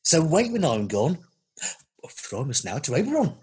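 A man's voice: a little high, huge pitch swings, a little mellow, breathy edge, full character voice. A man putting on a sing-song Brummie fairy sprite. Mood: playful. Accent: Birmingham. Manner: slow, sing-song theatrical recital. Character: mischievous male fairy servant reciting verse.

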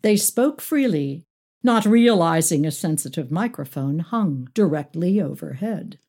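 A woman narrating a novel, expressive and wry. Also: deep voice, unhurried. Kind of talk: audiobook narration.

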